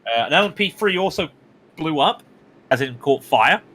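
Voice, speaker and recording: A man from Britain calling a sim race live, chatty and excitable, his voice rising on the big moments. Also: on the high side, moderate pace. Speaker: sim racing commentator. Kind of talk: live esports race commentary.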